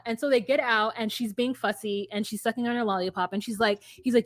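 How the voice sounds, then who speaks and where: A woman with a slightly high voice tells a story in an animated way and jumps into quick voices for each person she quotes. The sound is dry and close, with no room around it. It is an easy, chatty podcast recap. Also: dry recording. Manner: animated storyteller acting out both sides of scenes in quick voices. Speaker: podcast co-host recapping a reality show. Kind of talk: casual chat.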